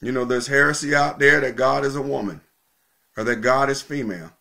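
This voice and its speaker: A man preaches from the pulpit in a steady mid-range voice. He teaches with emphatic repetition, drawing out important words slowly to drive them home. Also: medium pitch, creaky. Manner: emphatic teaching, repeating key phrases, slowing for stress. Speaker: pastor. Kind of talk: sermon.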